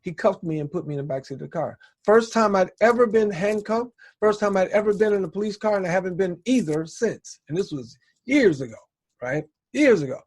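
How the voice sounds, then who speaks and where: On a podcast, a man rambles casually through a personal story, often checking in with "right?" His high voice is expressive and brisk, and the recording is dry and studio quality.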